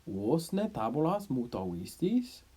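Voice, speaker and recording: An earnest, defensive schoolmaster, voiced by a man reading a Latin story aloud. His voice sits noticeably higher than the reader's own and moves with lively emphasis. There is a soft, husky edge to it. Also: a little slow. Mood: insistent. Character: proud defensive male schoolteacher.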